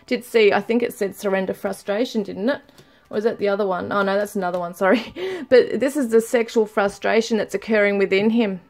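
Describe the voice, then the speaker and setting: A woman giving a casual tarot reading to viewers, chatty and laughing often, reading card messages aloud slowly. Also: medium pitch, a little mellow. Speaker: tarot reader.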